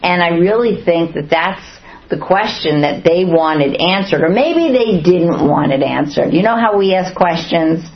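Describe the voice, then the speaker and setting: A woman's voice: fairly low pitch, expressive, a little slow. A woman teaching a Bible study to a group, often asking the listeners questions and acting out the quotes she reads. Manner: asks the listeners many questions, acts out quotes. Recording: roomy, dull lo-fi recording.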